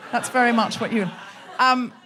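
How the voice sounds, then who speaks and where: A woman's voice: a little high, moderate pace, sharp tone, a little hiss or hum. A woman hosting a live comedy podcast on a hot theatre stage, chatting with and teasing the audience. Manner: chatty, teasing crowd work.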